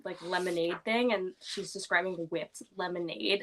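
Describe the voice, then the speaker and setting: A woman's voice: on the low side, moderate pace, fairly bright tone, a little hiss or hum. Young woman, guest book vlogger, chatty, rambling, filler words, casual. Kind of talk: casual chat.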